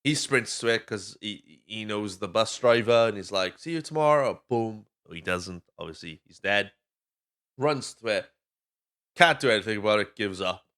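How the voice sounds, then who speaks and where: A man's voice: lowish voice, moderate pace, a bit bright. A Welsh man hosting a podcast, casually rambling through a film recap, swearing freely and acting out lines. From Wales. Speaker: podcast host. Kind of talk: casual movie recap monologue.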